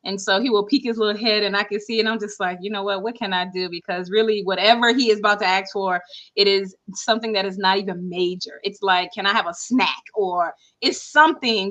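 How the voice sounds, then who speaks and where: Woman podcast host, bright clear voice, lively casual chat. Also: mid-range voice, highs cut off. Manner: lively, conversational, upbeat.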